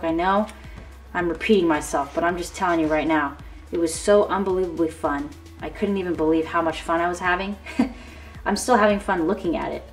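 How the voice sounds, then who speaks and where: Speaking fairly quickly in a fairly low voice, a woman hosts a casual crafting tutorial and gushes chattily while showing what she's made. Faint background music accompanies a slightly distant mic.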